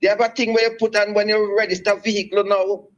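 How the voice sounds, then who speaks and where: A man calling in to a radio show by phone, rambling and halting with many restarts. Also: sits high, little pitch movement, dull audio. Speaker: caller. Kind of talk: call-in radio talk.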